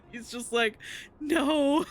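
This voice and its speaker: A man with a fairly high, sharp-toned voice takes his time as he chats over a game stream. The talk is loose and giggly, peppered with fillers and false starts, and music runs in the background.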